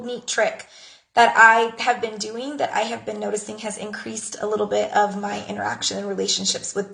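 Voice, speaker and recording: Chatty woman, gravelly, echoey room. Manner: chatty, acts out conversations in a high bright voice. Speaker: jewelry seller giving social media tips. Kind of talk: casual talk to camera.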